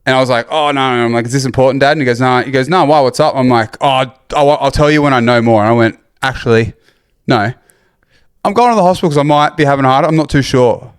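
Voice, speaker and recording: Casual podcast co-host, thirties, smooth voice, dry close sound, laid-back sweary storyteller. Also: male voice, medium pitch, quick pace, dry recording. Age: 30s. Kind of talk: casual chat.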